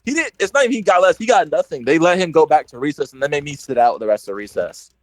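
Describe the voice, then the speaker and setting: A man's voice: fairly high pitch, fast talker, no echo, poor audio. A young man on a podcast telling a childhood story in casual chat, full of filler words and acted-out quotes. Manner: animated storyteller, heavy "like" filler, acts out quotes. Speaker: podcast co-host.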